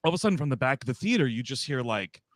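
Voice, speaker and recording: A man co-hosting a podcast races through a story in casual chat, acting out the people in it and doing their quoted voices as an animated storyteller. His voice is mid-range, and the recording is dry.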